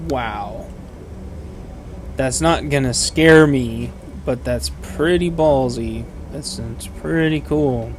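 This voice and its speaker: A man's voice: medium pitch, slow, pauses often. A man giving casual game commentary as a vlogger, rambling and enthusiastic, often breaking off and restarting. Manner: rambling, enthusiastic, self-interrupting. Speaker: gaming vlogger. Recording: voice over loud game audio and noise. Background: video game sound.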